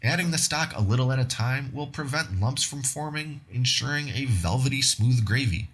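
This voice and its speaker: A man's voice: medium pitch, lively intonation, moderate pace, fairly bright tone, slightly rough. A man hosting a cooking video, narrating recipe steps in an upbeat, conversational way. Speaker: cooking show host.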